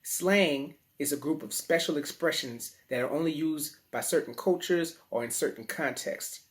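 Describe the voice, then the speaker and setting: A man with a New Orleans accent, teaching children in a playful, slangy, animated way. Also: a little high, moderate pace. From New Orleans, USA. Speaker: teaching artist. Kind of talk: children's lesson to camera.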